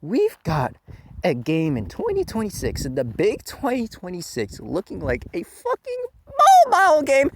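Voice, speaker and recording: A man giving a profane, exaggerated game review rant, veering from loud outraged outbursts to low muttered asides. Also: huge pitch swings, normal speed, background noise.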